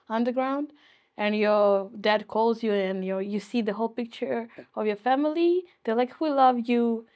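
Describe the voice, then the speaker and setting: Young Ukrainian-born woman, emotional and halting, somewhat high voice. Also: a little mellow. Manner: emotional, halting, laughs often. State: teary. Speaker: interviewee. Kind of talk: personal interview.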